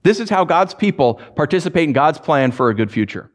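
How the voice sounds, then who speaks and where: A man preaches a livestreamed sermon in a fairly high voice that leaps and falls with wide, lively pitch. He talks to his listeners conversationally, restarting phrases and pushing some words up hard while letting others sink low and quiet. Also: fairly quick, hardly any pauses. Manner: animated preacher, jumps to high emphatic peaks and drops to low quiet stresses. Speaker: pastor.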